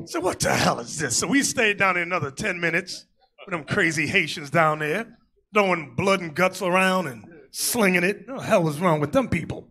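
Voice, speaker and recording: Animated, bright-voiced preaching man. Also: sits high, normal speed. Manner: animated, joking storytelling with shouted asides. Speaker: bishop preaching. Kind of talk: sermon.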